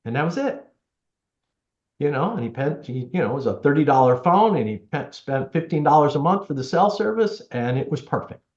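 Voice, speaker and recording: A man's voice: on the high side, brisk. A man chats easily as an interview guest, telling anecdotes and slipping into the voices of people he quotes. The sound is somewhat dull and carries the echo of a roomy space. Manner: chatty, animated storyteller, acts out quotes. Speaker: tech helper for seniors, guest. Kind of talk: casual storytelling interview.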